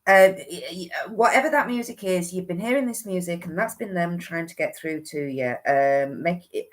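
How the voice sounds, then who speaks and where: A woman's voice: lowish voice, a bit bright. A woman hosting a livestream, giving a chatty oracle card reading that often restarts and thinks aloud.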